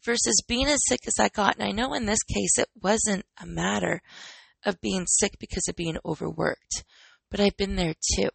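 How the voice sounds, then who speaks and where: A woman's voice: medium pitch, moderate pace, gravelly, husky, dry recording, low-quality recording. A woman in her thirties hosting a solo podcast, talking candidly and asking her listeners questions, still recovering from an illness. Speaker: podcast host and personal trainer.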